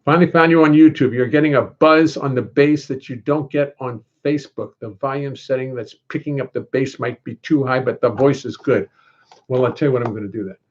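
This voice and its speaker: An older man hosts a livestream from home, chatting casually and rambling as he wryly reads viewer comments aloud. His medium-pitched voice runs a little fast, captured through a computer audio input with dull, lo-fi sound.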